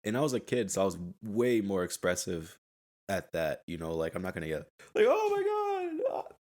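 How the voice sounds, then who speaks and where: A man's voice: low-pitched, a little fast, a little mellow. A young man hosting a casual solo podcast, rambling in a laid-back way and laughing at himself. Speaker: podcast host. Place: at home.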